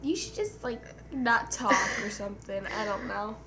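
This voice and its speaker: A young woman with a very high voice, co-hosting a homemade video with a friend. She talks in a bossy, teasing way and breaks into loud exclamations now and then. A faint hiss of noise sits under her voice. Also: big pitch swings, moderate pace. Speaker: co-host. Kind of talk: casual chat on camera.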